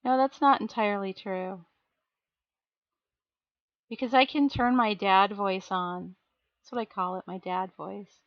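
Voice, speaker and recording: A woman's voice: mid-range voice, steady tone, measured pace, long pauses, dry recording, dull audio. A woman live streaming as she paints miniatures, chatting casually and self-deprecatingly while answering her chat.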